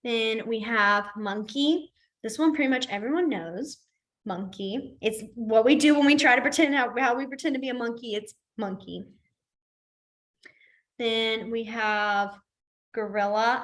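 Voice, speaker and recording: A woman with a somewhat high voice leads a beginners' class in a library room. She is chatty and pokes fun at herself. She says each word slowly and more than once. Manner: chatty, self-deprecating, repeats each sign name slowly. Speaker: sign language teacher. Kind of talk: live class instruction.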